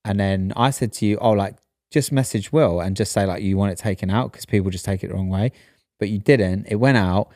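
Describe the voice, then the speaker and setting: Podcast co-host, man, fairly low voice, reassuring and explanatory, dry close sound. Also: a little fast, a little mellow, no room sound. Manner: reassuring, explains things in context. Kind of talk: casual chat.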